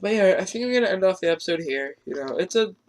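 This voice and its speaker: A man's voice: high voice, lively intonation, fast. A teenage boy commenting on his own gameplay, rambling and self-deprecating, stuttering often, his throat strained. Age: teens. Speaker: gamer.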